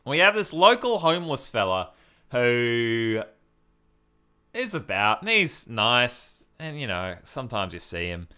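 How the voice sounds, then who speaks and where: Man, unhurried, lively pitch, bright clear voice, chatty streamer. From Australia. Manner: chatty, talks to chat, often laughs. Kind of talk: casual live-stream commentary.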